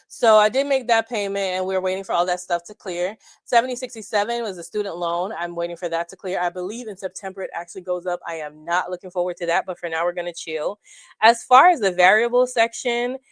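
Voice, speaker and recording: A woman chatting casually through her budget, animated and addressing viewers as y'all, on a clip-on mic. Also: mid-range voice, brisk, no echo. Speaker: budgeting vlogger.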